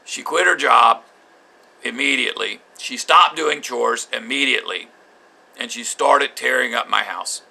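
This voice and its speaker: Gravelly, forceful older man. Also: mid-range voice. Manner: bitter, halting, with frequent restarts. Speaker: vlogger recounting his marriage. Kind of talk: personal spoken journal.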